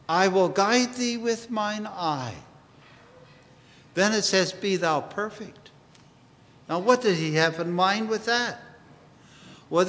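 A man preaching a sermon in an earnest, unhurried way, quoting scripture often. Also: sits high, fairly bright tone, big-room sound.

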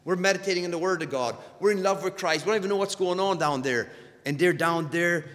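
A man preaching a sermon who stumbles over repeated words and surges louder on key points. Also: high voice, a little fast, big-room sound.

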